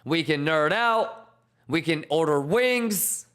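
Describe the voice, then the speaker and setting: A man with a high, bright voice running a trading livestream. He talks in an unhurried way, firing off slangy shout-outs to his viewers with loose, hyped energy. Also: animated. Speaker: crypto trading streamer. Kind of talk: casual livestream chat.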